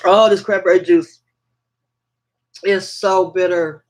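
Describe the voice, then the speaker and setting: A man with a high voice hosts a spiritual livestream from his phone. He talks at an unhurried pace, repeating affirmations again and again. He greets his viewers with open affection. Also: steady tone. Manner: slow, repetitive chanting of affirmations, affectionate toward viewers. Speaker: livestream host.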